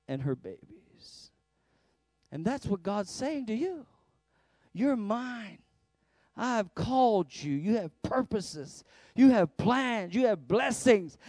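A man preaching a sermon as the pastor of a church service, emphatic, swinging between loud declarations and hushed lines. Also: high voice, dry recording, studio quality. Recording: faint music behind.

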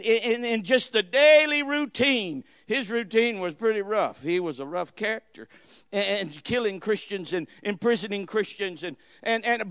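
Fervent high-voiced man preaching. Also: smooth, dry recording, studio quality. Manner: fervent preaching that swings between soft and loud. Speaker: pastor. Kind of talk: sermon.

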